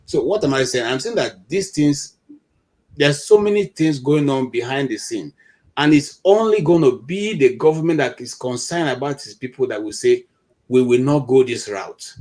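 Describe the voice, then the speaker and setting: A man's voice: a little high, lively intonation, normal speed, darkish tone. A man in a political discussion who argues through rhetorical questions, with frequent hesitant fillers.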